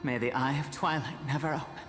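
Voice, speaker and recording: Solemn rain-folk priestess, echoey hall. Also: female voice, rumbling low, fairly even intonation, fast, over music. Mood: defiant. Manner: grave, pleading and ceremonial. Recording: roomy echo with long reverb.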